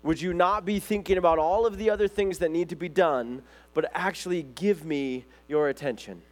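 Man preaching, fairly high voice, casual sermon, storytelling, fillers and restarts. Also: moderate pace. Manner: conversational storytelling, lively retelling; loose, with frequent fillers and restarts. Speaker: pastor.

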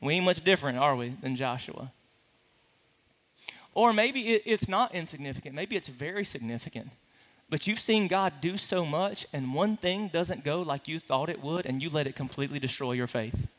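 A man preaching a sermon to a congregation, animated and playful, with teasing asides to the room. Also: fairly high pitch, moderate pace. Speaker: pastor. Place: large hall with a congregation. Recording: reverberant hall.

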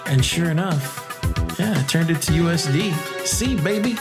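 A man hosting a casual crypto podcast, hyped and joking, laughing often and jumping into high exclamations. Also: moderate pace, over music. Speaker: podcast host.

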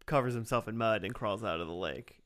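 A man co-hosting a podcast, retelling cartoon scenes in relaxed, joking casual chat. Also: fairly low pitch, a little fast. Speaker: podcast co-host recapping a cartoon.

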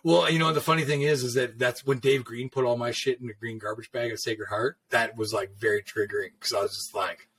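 A man's voice: mid-range voice, steady tone, a little fast, hardly any pauses, fairly bright tone, husky. A veteran tattoo artist, a man, telling stories from his career in a rambling, profane, casual way. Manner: rambling, profane, filler-heavy. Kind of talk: casual storytelling.

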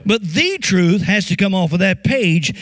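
A male pastor delivers a sermon in a rather high voice, building his points through repetition and frequent call-and-response questions. The recording is dry, with little room sound around him. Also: animated, a little slow, a bit bright, no room sound. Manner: call-and-response preaching, repeating phrases, rising emphasis.

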